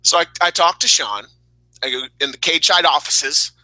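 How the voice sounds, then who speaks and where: A man's voice: a little high, normal speed, pushed and bright, no room sound, poor audio. A man co-hosting a casual wrestling review podcast, rambling and candid, sometimes emotional. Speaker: podcast co-host.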